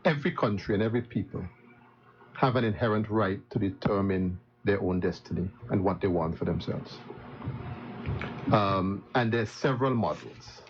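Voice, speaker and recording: A man with a fairly low voice makes an opposition speech at a live event. He starts measured and builds into indignation. The sound is dull and lo-fi, and steady background noise is clearly heard. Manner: measured, then rising to heated indignation. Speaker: opposition politician.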